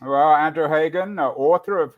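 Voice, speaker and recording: A man hosting a podcast interview, wrapping up briskly with a few restarts. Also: on the high side. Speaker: podcast host. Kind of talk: interview wrap-up. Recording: dull lo-fi audio.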